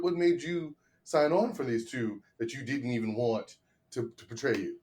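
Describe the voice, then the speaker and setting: A man, a comedian, arguing the defense in a comedy podcast mock trial, halting with many repeated starts. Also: mid-range voice, a little mellow, slight background noise.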